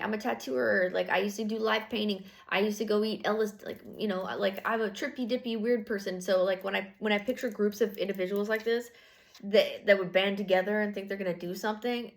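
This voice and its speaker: A woman with a gravelly, fry-edged voice at a middle pitch gives a casual tarot reading to camera. She talks in a loose, rambling way, full of fillers and profanity, blunt and prone to laughing. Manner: laughs while talking. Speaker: tarot reader.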